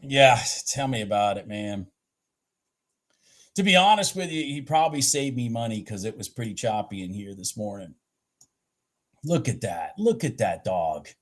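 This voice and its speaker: A man hosting a live trading stream, urging his trades on, swearing at the chart and then slowly talking through his morning and setups. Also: medium pitch, gravelly. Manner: slow, rambling and candid when explaining. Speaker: futures trading livestream host.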